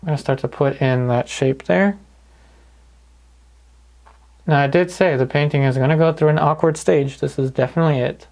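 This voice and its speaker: A man calmly talking through each step of a painting lesson in an easygoing way. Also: on the high side, quick pace, gravelly. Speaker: painting instructor. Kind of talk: paint-along tutorial narration.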